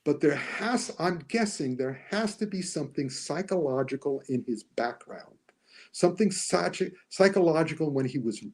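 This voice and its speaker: A man talking casually as a podcast guest about films, animated, often acting out lines he quotes. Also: fairly high pitch, moderate pace. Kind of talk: casual podcast movie discussion.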